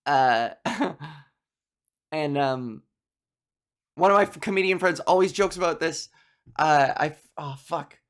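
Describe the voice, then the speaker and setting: A man's voice: fairly high pitch, slow, pauses often. Rambling Canadian man telling comic stories. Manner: rambling, self-mocking, laughs at his own jokes. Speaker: comedian. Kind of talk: rambling stand-up storytelling.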